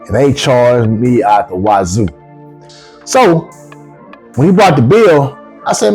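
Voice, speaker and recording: A man with features, casually telling a travel story as a vlogger, swearing freely and jumping up in pitch when he quotes himself. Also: slow pace, long pauses, faint music behind. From United States. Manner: animated, profane, rises sharply when quoting himself.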